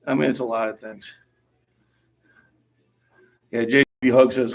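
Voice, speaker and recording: A man in his forties hosting a relaxed, talkative gym chat, reading comments aloud. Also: mid-range voice, a little slow, gravelly, rough recording. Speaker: host. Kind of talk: casual chat on a livestream.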